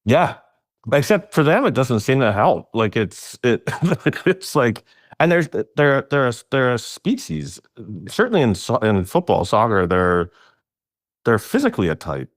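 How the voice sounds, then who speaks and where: Medium-pitched and unhurried, a middle-aged man tells stories in a casual conversation, captured cleanly in a studio without echo. He laughs a lot, and his voice jumps up when he wants to emphasize something.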